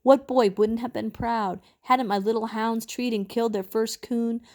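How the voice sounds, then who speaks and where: A woman reading a novel aloud, telling the story in an expressive, measured way. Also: a little high. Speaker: reader.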